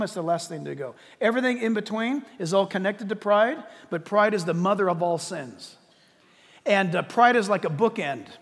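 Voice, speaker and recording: A man's voice: high voice, fairly bright tone, big-room sound. A man preaching a sermon, emphatic and repeating key words for stress. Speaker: pastor.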